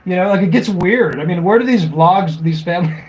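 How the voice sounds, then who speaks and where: A man's voice: high voice, brisk, darkish tone, dull audio. A middle-aged man hosting a live stream, chatting casually, rambling and laughing often as he mocks commenters.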